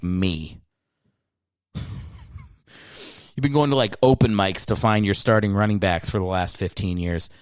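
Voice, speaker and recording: A man with a fairly low voice rants on his comedy podcast, swearing and rambling through sports talk. The sound is dry and close, with no room around it. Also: no room sound. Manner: rambling, profane, riled-up sports rant. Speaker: podcast host. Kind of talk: solo comedy podcast monologue.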